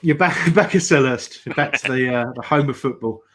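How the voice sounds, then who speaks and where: A man's voice: medium pitch, fairly quick. A man giving casual running commentary on a football match, teasing his co-hosts. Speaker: watch-along co-host.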